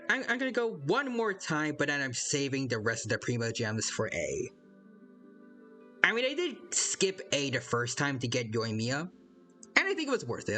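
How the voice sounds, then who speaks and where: A man's voice: fairly high pitch, sharp tone. A man chatting casually on a live stream while playing a game, rambling and hesitant, reading out viewers' chat and greeting them by name.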